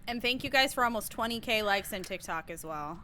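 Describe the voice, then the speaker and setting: A woman's voice: mid-range voice, animated, a little fast, sharp tone, a little hiss or hum. A young woman streaming a game, chatting casually with her viewers and shrieking and laughing at mishaps. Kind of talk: casual live-stream chat while gaming.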